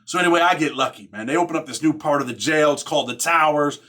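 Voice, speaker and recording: In a casual storytelling monologue, a middle-aged podcast host from Rochester, New York recounts a prison story, leaning on street slang and constant "man" and "right?" while performing others' lines. His voice is fairly high, fast, and a bit bright.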